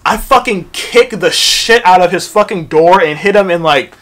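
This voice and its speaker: A man's voice: high-pitched, moderate pace. Profane young man telling a storytime. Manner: profane, animated retelling with acted-out quotes. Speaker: vlogger. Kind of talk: storytime vlog.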